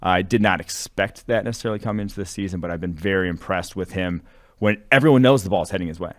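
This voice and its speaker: A deep-voiced man breaks down football prospects on a podcast, rambling and correcting himself as he goes. His talk is casual and loose, full of "like" and "uh.". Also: quick pace. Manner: rambling, filler-heavy, self-correcting. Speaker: draft analyst co-host. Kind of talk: casual sports analysis chat.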